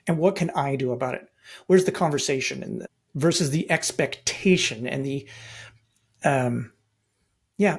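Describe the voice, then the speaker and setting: Middle-aged man from Canada, husky and slightly high voice, emphatic podcast guest. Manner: emphatic, rhetorical questions. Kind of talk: podcast interview.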